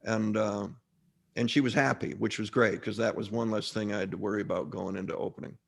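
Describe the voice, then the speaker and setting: Here a middle-aged male actor, pitched on the low side and a bit gravelly, talks a little fast. As a guest in an easygoing interview, he spins lively anecdotes, rambling and often starting over.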